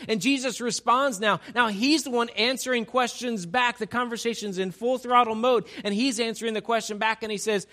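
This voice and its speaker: A man preaching a sermon in a lively, conversational way, often asking his listeners rhetorical questions. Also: extremely high pitch, fairly quick, few pauses. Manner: conversational, animated, asks the audience rhetorical questions. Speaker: pastor.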